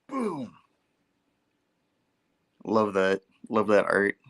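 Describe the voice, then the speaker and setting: A man hosting a casual comic book review, talking in a playful, animated way. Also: on the low side, normal speed. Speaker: host.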